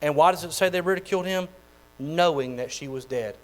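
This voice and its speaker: Preacher guy, folksy and animated, kinda high voice, little mains hum under it. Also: fairly quick, low-quality recording. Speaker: pastor. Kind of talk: sermon.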